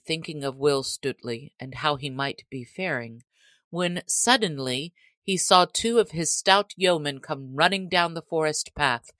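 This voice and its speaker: A woman narrating an old adventure story in a measured, even storytelling manner. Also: low voice, no echo. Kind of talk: storybook reading.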